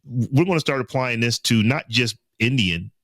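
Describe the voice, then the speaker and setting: A man co-hosting a casual podcast, talking in a relaxed, playful way as he runs an idea out to its extreme. His voice sits at an ordinary middle pitch, and the sound is close and dry with no room around it. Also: normal speed, no echo. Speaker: podcast co-host.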